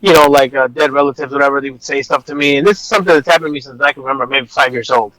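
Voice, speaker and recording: A man's voice: mid-range voice, fairly even intonation, racing, bright, forceful tone, no room sound, poor audio. A man, an officer, telling a personal story in a casual, rambling way, blunt and swearing at times. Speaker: officer guest.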